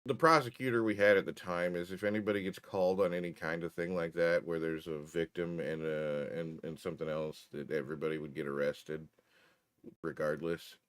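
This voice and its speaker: A man's voice: sits low, steady tone, fairly quick, a bit bright, clean tone. A man telling a story in casual chat, profane and wry.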